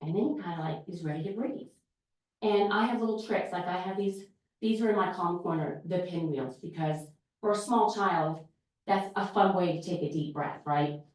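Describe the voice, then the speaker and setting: A woman's voice: on the low side, normal speed, far from the mic. Woman teacher in a very echoey hall. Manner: lively storytelling, acts out classroom exchanges. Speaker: preschool teacher giving a talk. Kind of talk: informal presentation to a group. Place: large echoey church hall. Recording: very echoey hall, voice picked up from afar.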